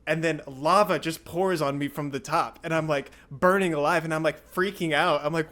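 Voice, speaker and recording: Excitable young man telling a story. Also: on the high side, moderate pace, few pauses. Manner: excitable, rambling, filler-heavy. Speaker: podcast host. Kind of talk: casual storytelling chat.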